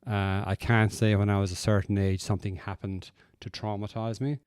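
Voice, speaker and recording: A man's voice: lowish voice, level tone, normal speed, a little mellow, smooth, no room sound, studio quality. A middle-aged Irish man with an Irish accent, telling his personal story as a guest speaker in a plain, conversational way with frequent fillers. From Ireland. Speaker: guest speaker at a recovery meeting.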